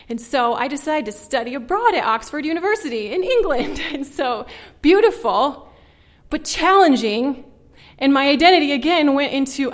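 A woman with a slightly high voice shares her personal testimony at normal speed, earnest, conversational, and expressive. She says "like" a lot, and at the painful parts her voice drops low and hushed.

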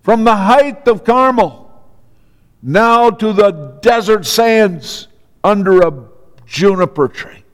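A man preaching a sermon, slow and emphatic, with dramatic pauses and repeated phrases. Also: high-pitched, in a large hall.

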